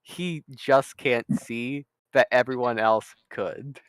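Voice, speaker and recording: A man's voice: mid-range voice, slow pace, smooth, no echo. A man playing in a tabletop game, joking and rambling as he explains his ideas. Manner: playful, jokey, rambling. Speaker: player. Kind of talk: casual chat at a tabletop game.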